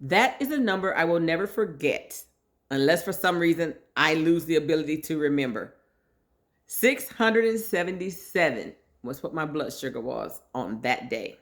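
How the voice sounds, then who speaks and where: A middle-aged woman telling a personal story in a casual, lively way, acting out the voices of the people she quotes. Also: sits low, normal speed. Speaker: vlogger sharing her story.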